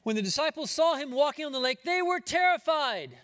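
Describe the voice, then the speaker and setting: A man preaches with a very high voice and real animation. He acts out the dialogue of Bible characters and often restarts his sentences. Long reverb from the church hall trails behind him. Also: very animated, a little fast, a bit bright. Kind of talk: sermon.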